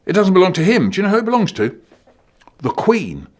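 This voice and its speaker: A man spins comic stories for children. His voice bounces up and down, and he talks in a playful, animated way that breaks into loud, silly shouts. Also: high-pitched, brisk. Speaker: comic storyteller.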